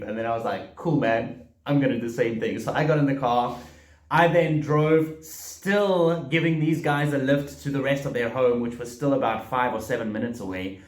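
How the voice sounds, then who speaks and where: A young man from South Africa, a vlogger telling a story in a casual, animated way with swearing and quick asides. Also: fairly high pitch. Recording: roomy echo.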